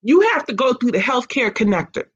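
A woman's voice: a little high, fairly quick, slightly rough, highs cut off. A woman in casual conversation as a guest, an autism mom telling her story with energy and acting out the voices of people she quotes. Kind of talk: casual chat.

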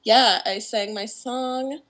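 A young woman with a morning voice, a guest singer-songwriter chatting casually in a podcast interview, full of "like" and "um" and quick laughs. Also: fairly high pitch, fairly even intonation, fairly bright tone. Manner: chatty, laughs often, many fillers like "like" and "um".

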